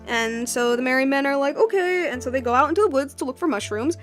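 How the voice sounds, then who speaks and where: A woman's voice: sits high, quick pace, a bit bright, soft background music. A young woman casually retelling a story while drawing, rambling with lots of fillers and giggles. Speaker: streamer drawing and chatting.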